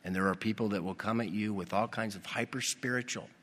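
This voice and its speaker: Low-voiced pastor preaching in a reverberant hall. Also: male voice, quick pace. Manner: animated, rhetorical questions to the congregation. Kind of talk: sermon. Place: church. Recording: long reverb of a church hall.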